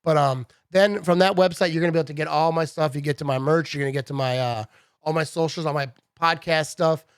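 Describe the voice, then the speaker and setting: A man in his thirties rants about sports in a loose, chatty way, calling people bro and dude. His voice sits a little high for a man. The sound is dry and close, with no room around it. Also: fast, clean tone, dry recording. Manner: animated, chatty, says "bro" and "dude" a lot. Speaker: sports vlogger. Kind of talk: casual sports rant.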